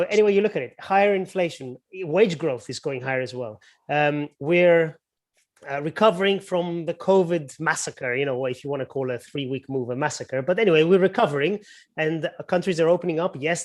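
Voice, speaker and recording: A man with a somewhat high voice speaks as a guest analyst on a live webinar. He is opinionated and builds his argument point by point. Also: darkish tone. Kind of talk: market commentary on a webinar.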